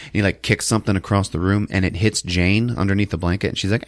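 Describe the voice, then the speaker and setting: A man's voice: sits low, moderate pace, fairly bright tone, dry recording, studio quality. A man hosting a podcast, recapping a movie in a casual way and acting out the lines in put-on voices with frequent laughter. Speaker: podcast host.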